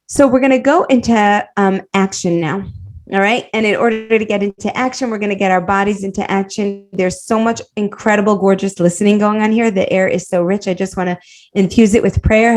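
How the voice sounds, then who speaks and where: A woman coach teaching a live online class over a video call, animated and warm, laughing often as she encourages her students. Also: mid-range voice, fairly quick. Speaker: women's life coach and teacher.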